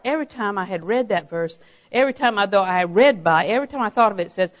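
A woman's voice: mid-range voice, low-quality recording. Woman preacher, emphatic and repeating. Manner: emphatic, repeats key phrases; tells anecdotes with a chuckle. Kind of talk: sermon.

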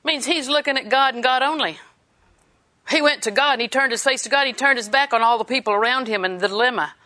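A woman's voice: a little high, fast, bright, forceful tone. A woman preaching a sermon, reading scripture in a conversational way and laughing often.

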